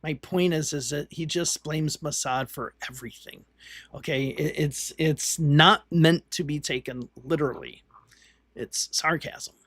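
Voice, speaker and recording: High-voiced man rambling through election results. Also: a little slow, fairly bright tone, breathy edge, no room sound. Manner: rambling, restarts, thinks aloud while reading results. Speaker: livestream host. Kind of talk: casual live commentary on election results.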